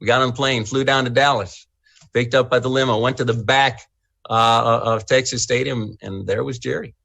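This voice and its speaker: A middle-aged man with a gravelly, creaky edge to his voice, telling folksy stories in an animated way and often stumbling over his first words. The sound is dry and close, with no room around it. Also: medium pitch, moderate pace, no room sound. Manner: folksy, animated storyteller who repeats and restarts words. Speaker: state senate candidate. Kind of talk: interview answers.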